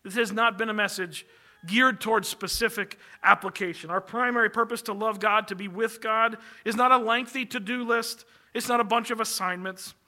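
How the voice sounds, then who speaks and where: A man's voice: high-pitched, fairly even intonation, moderate pace, bright, forceful tone. A man preaching a sermon from the pulpit, earnest and emphatic, building long lists as his energy rises. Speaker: pastor.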